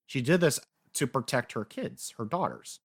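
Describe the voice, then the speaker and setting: A man co-hosting a casual podcast, excitedly recapping story events, swearing freely and acting out lines. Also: medium pitch, moderate pace, creaky, breathy edge, no echo, clean studio sound. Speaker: podcast co-host. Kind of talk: casual anime recap chat.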